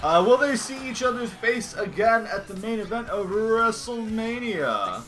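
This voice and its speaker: A man's voice: sits high, expressive, slow pace, pushed and bright, pitched above the performer's own voice, heavily acted. A man putting on a hyped wrestling announcer. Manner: dramatic announcer delivery. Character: hyped male wrestling TV commentator.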